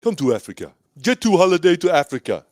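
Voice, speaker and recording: A man's voice: medium pitch, very animated, a little slow, breathy edge, dry recording, clean studio sound, full character voice. A man voicing an exaggerated put-on African accent, hamming up an ad line and demanding a Coke in a bar. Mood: hammy. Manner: comic, hammy ad-voice parody.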